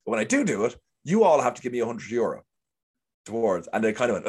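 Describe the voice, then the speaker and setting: Fast and sing-song, his mid-range voice is fairly bright with a breathy edge. He's a young actor from Ireland, guesting in a casual chat, spinning rambling tales and acting out the dialogue.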